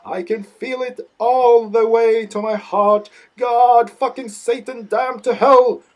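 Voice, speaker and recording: A man voicing a wild, unhinged old grandfather who shrieks and yelps in high cries. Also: fairly even intonation, slow. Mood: shrieking.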